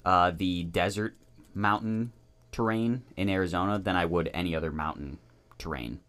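A man's voice: deep voice, normal speed, fairly bright tone, dry recording. A young man in casual chat, skeptical and stubborn but playful.

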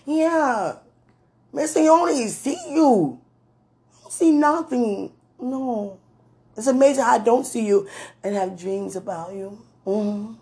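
A woman in a casual talk to camera, laughing often, with loose slangy speech and warm words to a loved one. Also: fairly high pitch, expressive, slow pace. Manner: affectionate, addresses a loved one.

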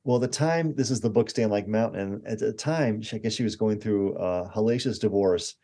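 A man in his sixties speaks in a somewhat low, mellow voice. He is a guest in a conversational interview. He tells anecdotes with lively acted-out quotes. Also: brisk. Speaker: guest expert.

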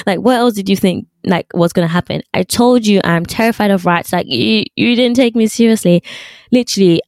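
A young woman vlogger telling a story in casual chat, animated and full of fillers. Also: fairly low pitch, no room sound.

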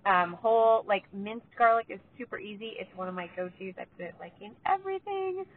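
A woman's voice: medium pitch, fairly even intonation, a little fast. A woman with a stuffy nose giving casual advice to her viewers, chatty and rambling with lots of fillers. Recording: tinny phone-like sound, faint background noise.

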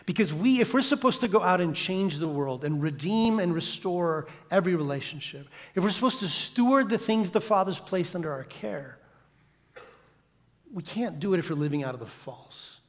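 A guest preacher, a man, delivers his sermon with a slightly high voice. He swings between loud, emphatic lines and hushed, whispered repetitions. A long reverb from the church hall trails every phrase. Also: expressive, normal speed. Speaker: guest pastor.

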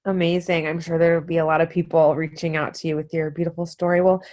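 Podcast host, woman, low-ish voice, gushing and warm, casual spiritual-chat tone. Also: level tone, fast talker. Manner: warm, effusive, frequent you knows. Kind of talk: casual interview conversation.

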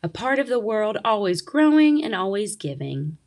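A woman voicing a gentle willow tree in a storybook reading, in a soft murmur. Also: mid-range voice, big pitch swings, normal speed, voice pushed up.

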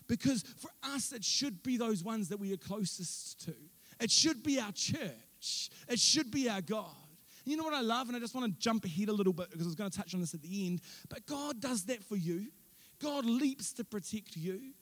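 Animated high-voiced young male preacher. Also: moderate pace, no echo. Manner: animated storytelling with self-mocking asides. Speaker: pastor. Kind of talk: sermon.

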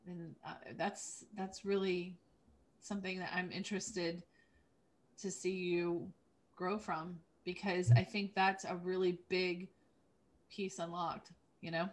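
A woman hosts a relaxed conversation and responds to her guest with eager interest. Her voice is bright and crisp, and her delivery is slow and unhurried. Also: on the low side.

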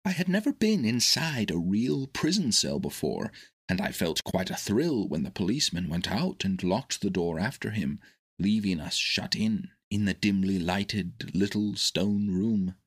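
Husky-voiced man reading a storybook. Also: on the low side, a little slow. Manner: steady, expressive storytelling. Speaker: storybook narrator. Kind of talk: scripted storybook narration.

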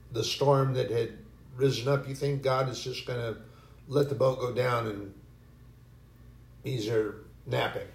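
Earnest preacher man in an echoey room. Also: mid-range voice. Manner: earnest, animated preaching with sudden bursts of acted panic. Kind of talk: sermon.

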